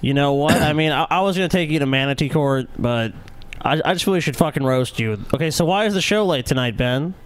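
A man's voice: a little high, lively intonation, fast talker, clear, resonant tone. A man co-hosting a podcast, casually roasting a friend with profane mock accusations. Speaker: podcast co-host. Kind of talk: casual chat.

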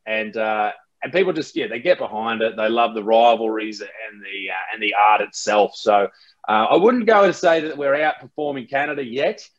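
A man's voice: lowish voice, moderate pace, highs cut off. A man from Australia with an Australian accent, a guest chatting casually and mocking himself, often restarting his sentences. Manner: laid-back, self-mocking, many restarts. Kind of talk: casual interview chat.

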